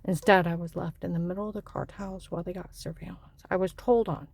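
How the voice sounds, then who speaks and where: A woman's voice: lowish voice, fairly even intonation, brisk, vocal fry, darkish tone, breathy edge, no echo. A woman giving a rambling, fragmented personal testimony.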